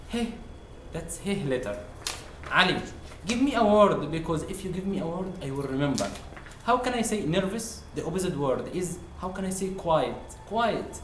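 An Egyptian-accented man teaches a language lesson at an unhurried pace, repeating each sound patiently in plain, simple phrasing. His voice carries a noticeable room echo. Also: a little high, slight background noise. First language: Arabic. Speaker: Arabic teacher. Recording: roomy echo.

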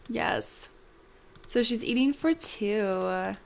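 A woman's voice: fairly high pitch, takes it slowly, creaky, a little hiss or hum. A young woman hosting a casual gameplay commentary, bubbly and gushing, with lots of ums. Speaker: let's play host.

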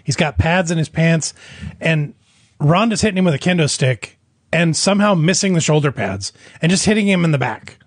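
Husky man with deadpan asides. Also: a little high, normal speed, dry recording. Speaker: podcast co-host. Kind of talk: casual chat.

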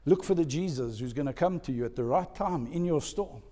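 A male pastor preaching a sermon, dropping to a hush and then rising to loud emphasis. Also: fairly high pitch, animated, a little fast. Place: church hall. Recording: echoey church hall.

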